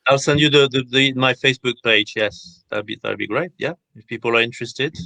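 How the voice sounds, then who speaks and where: A man with a French accent chats as a guest over a video call, relaxed and halting, often repeating words. His pitch is mid-range. The sound is dry and close. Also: creaky, dry recording. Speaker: guest musician and French tutor. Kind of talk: casual guest chat.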